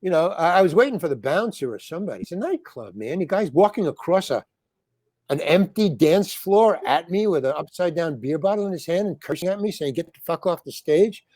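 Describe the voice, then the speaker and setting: Older man spinning halting stories. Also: high voice, animated, a little mellow, dry recording, clean studio sound. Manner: halting, many restarts, acts out quoted lines. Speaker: comedian and actor, interview guest. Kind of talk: rambling storytelling in conversation.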